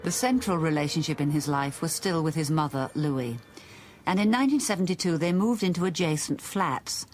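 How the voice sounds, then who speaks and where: Lady narrating a documentary, lowish voice, soft music behind. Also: expressive, brisk. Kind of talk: scripted narration.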